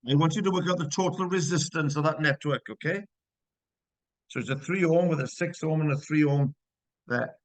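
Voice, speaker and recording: Male physics teacher, fairly high voice, encouraging, explains step by step, dry close sound. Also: brisk, no echo, rough recording. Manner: encouraging, checks student work aloud, explains step by step. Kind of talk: live online class teaching.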